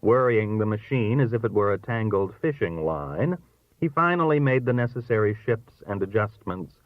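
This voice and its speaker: A man narrating a literary short story aloud in a lively, expressive way. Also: fairly low pitch, normal speed, dry recording. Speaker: audiobook reader. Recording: thin phone-like dry sound.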